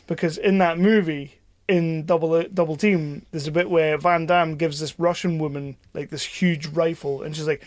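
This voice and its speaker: A man co-hosting a film podcast, talking in an excitable, jokey and rambling way. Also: on the high side, a little fast, no room sound. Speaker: podcast co-host. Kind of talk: casual film chat.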